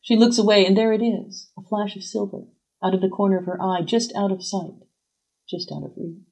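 Woman narrator, measured storytelling, mellow warm tone, mid pitch. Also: fairly even intonation, lo-fi sound. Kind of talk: scripted narration.

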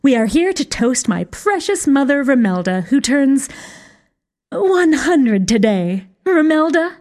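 A woman's voice: sits high, very animated, takes it slowly, a little mellow, voice pushed up, heavily acted. A woman voicing a showy blonde witch mother who hosts a party and trills her announcements. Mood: grandly hosting.

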